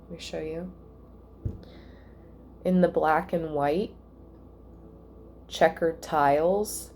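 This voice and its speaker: A woman giving a casual spiritual reading at home, chatty and thinking out loud with soft asides. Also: low-pitched, steady tone, extremely slow, slight background noise. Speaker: tarot reader.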